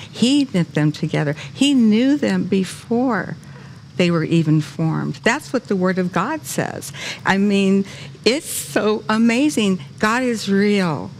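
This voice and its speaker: An older woman hosting a Christian talk show, alternating an earnest preaching cadence with gushing, animated storytelling in a studio. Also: lowish voice, slight background noise. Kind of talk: faith talk show fundraising appeal.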